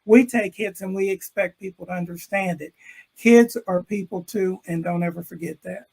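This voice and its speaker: An older man, an educator, telling a classroom story with animated delivery and acting out the characters' lines over a video call. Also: high voice, moderate pace, gravelly, slight background noise, poor audio. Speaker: interview guest, educator. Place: room with bookshelves.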